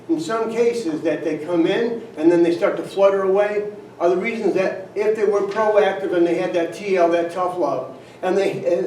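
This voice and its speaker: Older man, motivational storytelling speech, folksy asides, high-pitched, distant mic, roomy room, faint ambience. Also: a little mellow, slight background noise. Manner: folksy, anecdotal, frequent "right?" asides and chuckles. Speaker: company founder giving a speech. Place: event room at a company trip.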